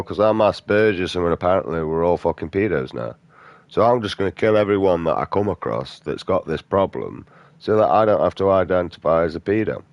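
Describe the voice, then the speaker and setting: A man's voice: low-pitched, no echo, dull audio. A man, a gaming streamer delivering an aggressive, profane rant in blunt slang. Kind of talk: angry off-topic rant during gameplay.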